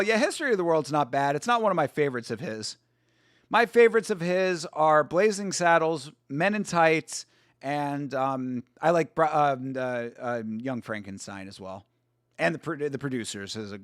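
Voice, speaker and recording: A young man hosts a live fight watch-along, swearing freely, reacting loudly and calling out viewers in the chat by name. His voice sits a little high. It is recorded dry on a close mic with no room sound. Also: dry recording. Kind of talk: casual live-stream chat.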